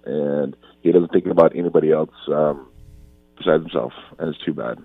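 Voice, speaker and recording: Man in his 40s, very low voice, earnest, repeats himself, tinny phone-like recording, dry. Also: steady tone, moderate pace, vocal fry, breathy edge, no echo, faint music behind. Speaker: guest. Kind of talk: casual interview talk.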